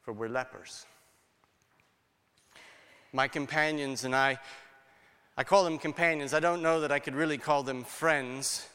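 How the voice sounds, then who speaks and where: A man performing a dramatic first-person monologue as a grateful leper who was healed, earnest and swinging between hushed and exclaiming. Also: medium pitch, unhurried, long pauses, clean tone. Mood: somber. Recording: long hall reverb.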